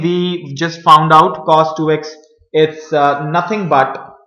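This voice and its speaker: A man teaching a math lesson, talking viewers through each step with many pauses and fillers. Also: on the high side, sharp tone, roomy sound, poor audio. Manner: hesitant, many fillers, addresses viewers as guys.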